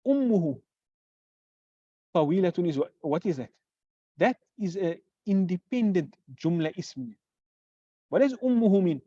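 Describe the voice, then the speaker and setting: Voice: medium pitch, expressive, dark tone, no room sound. Teacher quizzing and self-answering, dull recording. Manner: asks questions and answers them; repeats example phrases slowly. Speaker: Arabic grammar teacher. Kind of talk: classroom lecture.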